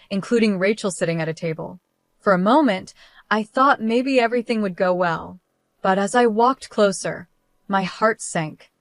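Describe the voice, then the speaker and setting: A woman narrates a first-person story in an even, measured reading. Her voice sits at a middling pitch. The recording is completely dry, with no room sound. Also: dry recording.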